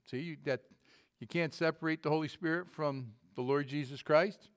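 This is a middle-aged man in the pulpit, his voice on the higher side, delivering a sermon with folksy charm and self-deprecation. He breaks off and starts again now and then, and tells the congregation a joke story.

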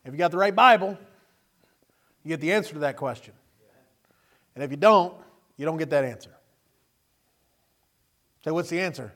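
A man preaching a sermon, telling Bible stories with animated delivery and acting out the characters. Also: a little high, moderate pace, long pauses. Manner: animated storytelling, acting out scenes in character voices.

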